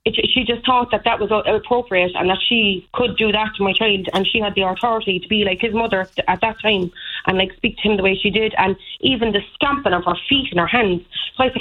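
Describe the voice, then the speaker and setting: A woman's voice: medium pitch, fast talker. An Irish woman in her thirties calling a radio show, telling a story in a rambling, indignant way with many fillers. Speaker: caller. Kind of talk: phone-in call. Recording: tinny phone line.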